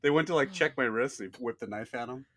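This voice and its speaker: A man co-hosting a podcast, telling a story in a casual, animated way and swearing freely. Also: medium pitch, fast, slight background noise. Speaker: podcast co-host. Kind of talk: casual chat.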